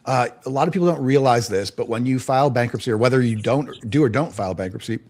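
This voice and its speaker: Fast-talking man, offhand and dismissive. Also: mid-range voice, darkish tone, a little hiss or hum. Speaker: lawyer in a played clip. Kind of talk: monologue in a clip.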